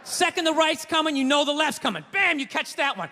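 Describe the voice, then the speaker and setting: Brash, profane stand-up comic, high voice. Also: male voice, lively intonation, brisk, bright, forceful tone, slight background noise. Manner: brash, profane, ranting storytelling. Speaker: stand-up comedian. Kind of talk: stand-up routine. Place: comedy stage before an audience. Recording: live theater hall with crowd.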